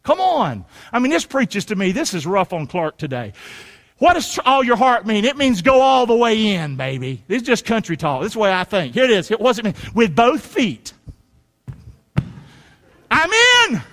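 High, lively folksy preacher man. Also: normal speed, in a large hall. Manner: folksy, preacherly, rising to shouts. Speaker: pastor. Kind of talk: sermon.

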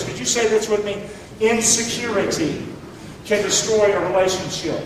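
In an extremely high pitch, a middle-aged pastor gives an emphatic sermon and draws responses from his congregation. There's a little hiss or hum, and the audio comes from a distance in an echoey church hall.

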